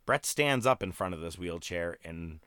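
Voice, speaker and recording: Podcast host, male, low voice. Loose, profane storyteller, close dry mic. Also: expressive, moderate pace, a bit bright, clean tone, no room sound. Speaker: podcast host recapping wrestling. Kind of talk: casual chat.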